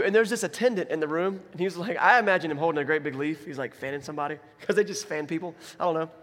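Male pastor, animated storyteller, slightly high voice, long hall reverb. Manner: animated, acts out characters in quick asides. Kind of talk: sermon storytelling.

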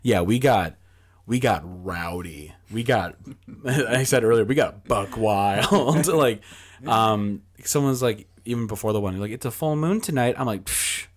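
Young dude rambling thru a story on a podcast, lots of "like", does the voices of people, swears a bunch. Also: male voice, lowish voice, a little slow. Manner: rambling, filler-heavy, acts out quoted dialogue, swears freely. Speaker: podcast guest. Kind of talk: casual storytelling chat.

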